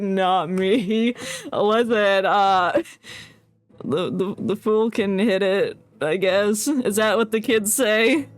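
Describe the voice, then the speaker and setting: A woman's voice: fairly high pitch, no room sound. A woman streamer chatting through a story game playthrough, giggly, scatterbrained and self-deprecating. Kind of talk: casual game playthrough chat.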